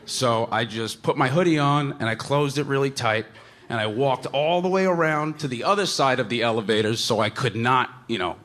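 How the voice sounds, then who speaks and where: A man, a comedian, telling a story in loose, casual talk. His voice is bright and forward, and he chuckles as he rambles on. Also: medium pitch, moderate pace. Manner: rambling, fillers like "like" and "you know", chuckling.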